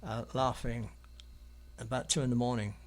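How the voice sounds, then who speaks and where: A man's voice: medium pitch, flat delivery, normal speed. An English man from London, an artist guest in an interview, telling stories in a rambling, hesitant way with many ums and restarts. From London, England. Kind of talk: anecdotal storytelling in an interview.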